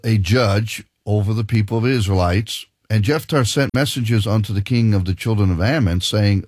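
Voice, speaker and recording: A man preaching a sermon and reading from the Bible, halting and emphatic, often repeating his words. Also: lowish voice, a little mellow, no room sound, clean studio sound.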